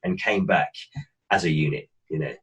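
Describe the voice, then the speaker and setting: A man, an actor guest, recalling a memory in a thoughtful, halting way. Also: deep voice, fairly bright tone, muffled recording. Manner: thoughtful, halting, with many restarts. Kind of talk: reflective storytelling.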